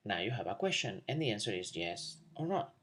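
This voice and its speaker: A man teaching a video language lesson, explaining question forms and slowly modeling example sentences for learners to repeat. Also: fairly low pitch, sing-song, a bit bright, breathy edge. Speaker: Spanish teacher.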